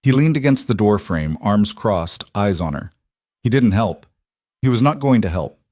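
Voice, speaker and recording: A man narrating a scripted story in a measured, even storytelling manner. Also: fairly low pitch, dry recording, clean studio sound.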